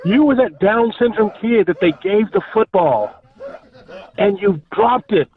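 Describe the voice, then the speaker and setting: A man's voice: high-pitched, animated, a little slow. A man calling into a radio show, scolding the co-host in mock disappointment. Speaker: caller. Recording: dull, dry phone-in line.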